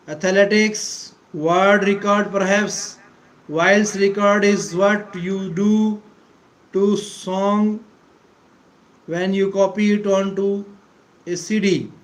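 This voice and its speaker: A man giving a deliberate English pronunciation lesson, repeating key words for emphasis and clearing his throat often. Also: sits high, poor audio. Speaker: English teacher. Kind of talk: slow explanatory lecture.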